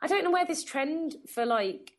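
A woman's voice: sits high, lively intonation, moderate pace. Woman, film chat co-host, sarcastic, sweary. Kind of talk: casual chat.

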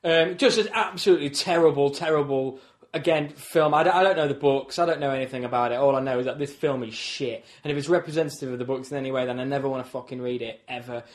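A man co-hosting a casual film review chat, blunt and sweary, quick to mock the others. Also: medium pitch. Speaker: podcast co-host.

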